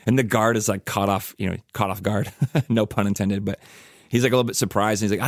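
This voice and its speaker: A man's voice: fairly low pitch, steady tone, fast, dry recording, clean studio sound. A man hosting a reflective podcast, telling a story casually with lots of "like" and "you know". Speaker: podcast host.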